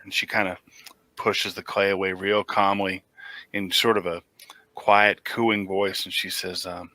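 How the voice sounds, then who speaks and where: Guy with a deep bright voice describing his moves in a tabletop game, laid back, dry close mic. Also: unhurried. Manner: relaxed, rambling, with fillers. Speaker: player. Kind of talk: casual tabletop game play.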